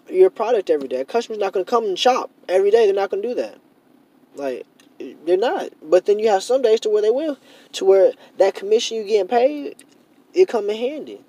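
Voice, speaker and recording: A man's voice: sits high, dark tone. A young man in a casual monologue to camera, rambling and repeating himself with many fillers, growing heated and emphatic. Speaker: vlogger.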